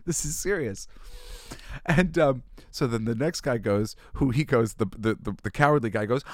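A man hosting his own show, talking loosely and with big energy, laughing through his stories and swearing as he goes. His voice is mid-pitched, and it sits in a dry, close space with no room sound. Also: moderate pace, no echo. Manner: animated, laughs often, swears, loose restarts. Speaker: host. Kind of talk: casual storytelling monologue.

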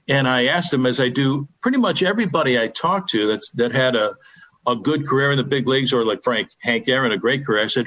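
A man's voice: medium pitch, a bit bright. An older male sports broadcaster tells a baseball memory on the radio. He speaks in a folksy, reverent way. The audio is a bit muffled, like a radio broadcast. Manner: folksy anecdotal storytelling, reverent. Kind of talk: storytelling on a sports radio show.

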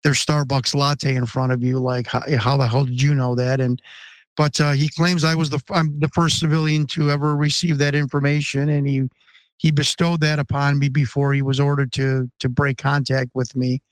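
A man's voice: on the high side, flat delivery, moderate pace, no room sound. Earnest American man in his fifties. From Chicago, USA. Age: 50s. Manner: earnest and emphatic, insistent questions. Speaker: interview guest. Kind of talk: podcast interview.

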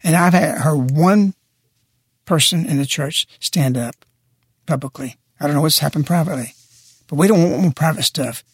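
A man's voice: on the high side, moderate pace, breathy edge, dry recording, studio quality. A man speaking on a radio talk show in an impassioned, preaching way, pressing his points hard. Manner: forceful, preaching, emphatic.

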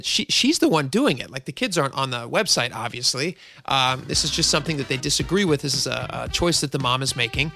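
Radio host guy in his 30s, rambling friendly chat, slightly high voice, bright. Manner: chatty, rambling, self-deprecating. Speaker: radio talk show host.

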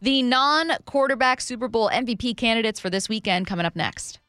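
A woman's voice: on the high side, a little fast, bright, forceful tone, clean tone, dry recording, soft background music. A woman co-hosting a sports radio show in a studio, chatty and self-deprecating, wired on espresso. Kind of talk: casual sports talk.

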